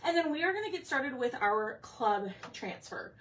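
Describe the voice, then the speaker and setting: A woman's voice: high voice, sing-song, normal speed, a bit bright, far from the mic, slight background noise. A woman hosting a craft livestream, chatty and a bit scattered, out of breath as she talks to viewers. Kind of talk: casual livestream chat. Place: home craft room.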